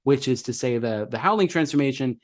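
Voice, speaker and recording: A man's voice: medium pitch, expressive, fairly quick. A man co-hosting a podcast, chatting casually about a film in a rambling way with lots of restarts. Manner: rambling, many fillers and restarts. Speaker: podcast co-host.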